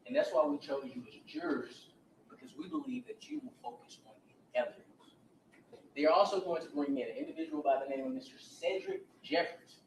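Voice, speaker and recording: A man's voice: fairly high pitch, very animated, a little fast, slight background noise. A man, a defense attorney, giving an opening statement to a jury and retelling events with repeated, restarted words. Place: courtroom. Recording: roomy courtroom audio from a distance.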